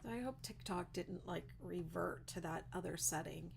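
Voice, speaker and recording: A woman's voice: on the low side, normal speed, gravelly, noisy background. A woman crochet designer chatting casually on a livestream, reading viewer comments, teary and emotional with lots of fillers.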